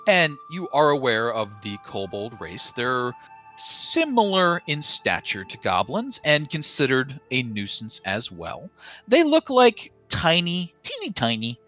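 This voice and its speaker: A man's voice: medium pitch, huge pitch swings, a little slow, sharp tone, soft background music, poor audio. A man narrating as dungeon master and explaining game lore.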